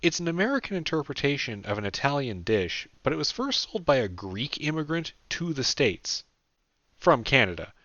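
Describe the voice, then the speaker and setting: A man's voice: mid-range voice, very animated, normal speed, pushed and bright, dry recording, voice pushed up. A man voicing a candid young man who rambles casually and swears freely, in an audiobook. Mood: rambling. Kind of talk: audiobook character voice. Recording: dull dry lo-fi recording.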